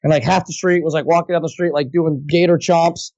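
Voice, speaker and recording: A man, a voice actor guest, telling an animated, chatty story in a podcast interview. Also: fairly high pitch, a little fast, no room sound, highs cut off. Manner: animated, chatty, slips into impressions.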